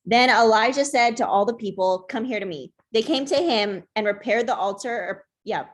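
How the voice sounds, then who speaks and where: A woman's voice: a little high, moderate pace. A young woman leading a Bible study group, reading a scripture passage aloud in a plain voice and stumbling over unfamiliar names.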